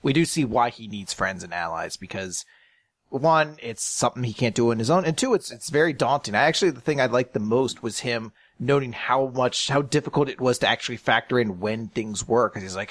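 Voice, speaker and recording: A man's voice: mid-range voice, lively intonation, fairly quick, fairly bright tone, no echo. A man with an ordinary mid-range voice, talking loosely about manga chapters. He swears casually and restarts his sentences as he thinks. The recording is dry and close. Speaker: podcast co-host. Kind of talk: casual chat.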